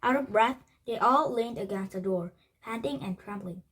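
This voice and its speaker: A woman reading a children's chapter book aloud, halting with frequent restarts and slips. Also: on the high side, a bit bright, slightly rough, low-quality recording. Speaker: storybook reader.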